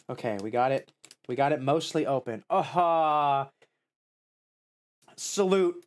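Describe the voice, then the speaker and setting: A man streaming a casual snack tasting, excitable, jumping to high squeals of joy and dismay, then murmuring while he savors. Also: unhurried, pauses often.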